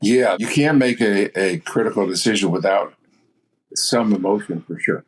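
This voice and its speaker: A guest entrepreneur in his seventies tells stories bluntly and matter-of-factly in a podcast interview. His voice is on the low side with a breathy edge, and he speaks at a moderate pace.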